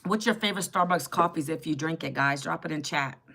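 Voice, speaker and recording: A woman's voice: low-pitched, fairly quick, creaky, a bit bright. A woman in her fifties hosting a casual live stream, chatty and sassy as she greets viewers by name and answers the chat. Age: 50s. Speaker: livestream host. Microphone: phone.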